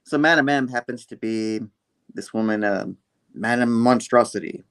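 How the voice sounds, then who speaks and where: A man's voice: mid-range voice, normal speed, a bit bright, smooth. A man hosting a casual comic review show, retelling scenes with a rambling, laughing manner. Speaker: host.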